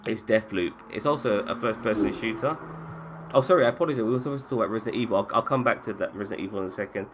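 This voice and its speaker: Deep-voiced man hosting a casual chat. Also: rapid-fire, background noise. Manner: casual, swears freely, restarts sentences. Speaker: podcast host. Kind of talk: casual chat about games.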